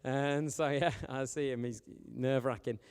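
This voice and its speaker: A man, a youth pastor preaching in a chatty, animated, storytelling way. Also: mid-range voice, moderate pace, clean tone. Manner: chatty, animated, joking with the young audience. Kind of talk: informal storytelling sermon. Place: church hall. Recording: long hall reverb.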